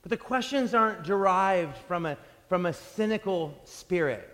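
Pastor preaching in a reverberant hall. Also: male voice, high-pitched, normal speed. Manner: animated storytelling with frequent restarts. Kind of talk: sermon.

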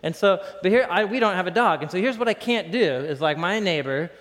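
A man preaching a casual, animated sermon, often breaking into laughter. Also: sits high, brisk. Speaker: pastor. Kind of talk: conversational sermon. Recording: long reverb in a hall.

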